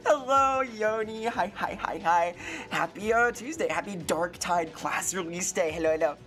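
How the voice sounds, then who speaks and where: Woman, streamer, casual chat, bubbly, punny, low-ish voice, faint music behind. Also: normal speed, fairly bright tone. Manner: bubbly, punny, swoops up on greetings.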